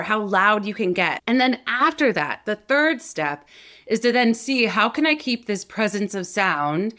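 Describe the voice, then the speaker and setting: An energetic woman coaches listeners through vocal exercises, her voice sitting in a middle pitch. She talks with lively emphasis and shifts her loudness from full to soft to demonstrate projection. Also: unhurried. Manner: energetic, demonstrative, varies loudness to show technique. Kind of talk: instructional video lesson.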